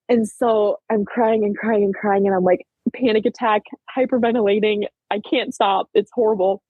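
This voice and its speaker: An eighteen-year-old woman from Minnesota tells a track-meet story with eager, tumbling energy and constant "like"s. Her voice is a little husky and breathy. The recording is dry and slightly dull. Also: medium pitch, no room sound. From Minnesota, USA. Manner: animated retelling, many fillers like "like". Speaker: guest, high school track athlete. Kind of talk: casual storytelling interview.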